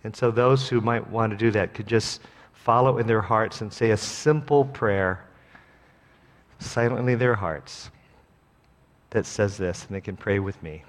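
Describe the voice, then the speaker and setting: A middle-aged man preaching a sermon as pastor, earnest, slow and emphatic. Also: on the low side. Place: church sanctuary. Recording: long hall reverb.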